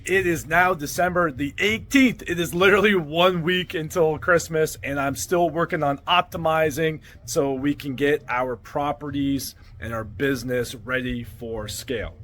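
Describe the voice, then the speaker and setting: A man who owns short-term rentals hosts a casual vlog, walking through his rental houses indoors and chatting upbeat to a handheld camera. He sounds fairly high-pitched and a bit bright, keeps a moderate pace, and thinks aloud in a chatty way.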